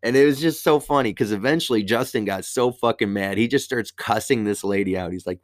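A man telling a story as a profane comedic rant, animated, with heavy swearing and sudden leaps up in pitch. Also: fairly quick, hardly any pauses, dry recording, studio quality.

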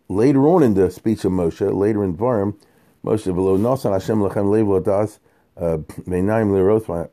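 Male Torah teacher, low dark voice, lively conversational lecture style. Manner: animated, conversational, heavy Yiddish and Hebrew terms.

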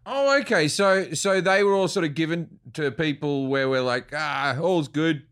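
A man's voice: on the high side, normal speed, fairly bright tone, clear, resonant tone. A middle-aged man with an Australian accent hosting a casual podcast chat, joking irreverently, swearing and riffing. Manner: joking, irreverent, swears, riffs in silly voices. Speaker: comedian podcast host.

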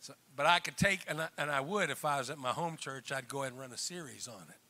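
Speaking quickly at a medium pitch, this male pastor delivers a sermon that alternates emphatic loud outbursts with soft, laughing asides. He addresses the congregation directly throughout.

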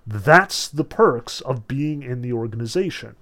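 A man's voice: medium pitch, animated, a little slow, fairly bright tone. A man giving a casual literature lecture in a loose, chatty way, full of "like" and "um". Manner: loose, filler-heavy, lots of "like" and "um".

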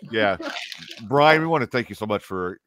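A man's voice: on the low side, animated, normal speed, fairly bright tone, slight background noise. A man hosting a podcast in casual chat, joking and swearing with guests. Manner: joking, swears, laughs often. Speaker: podcast host.

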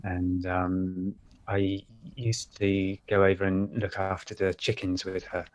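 A man co-hosting a podcast, telling measured anecdotes with pauses. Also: sits low, level tone, darkish tone. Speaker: podcast co-host. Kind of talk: casual podcast chat.

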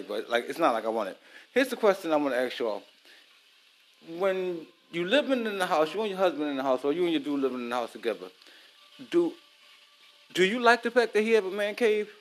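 Married man, loose profane cooking-vlog chat aimed at the camera. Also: medium pitch. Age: adult, married. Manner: loose, profane, talks straight to viewers. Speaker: vlogger. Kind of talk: casual chat while cooking.

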